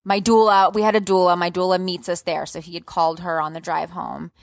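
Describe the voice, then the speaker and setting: Animated woman telling a story, dry sound. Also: fairly quick, creaky, no room sound. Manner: animated, swears freely, shifts pitch a lot when telling the story. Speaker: podcast guest. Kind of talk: casual storytelling.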